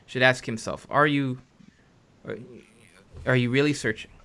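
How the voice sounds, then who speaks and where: A man hosting a podcast, chatting earnestly and reading out listener questions, often halting and restarting. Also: mid-range voice, steady tone, pushed and bright, smooth. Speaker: podcast host.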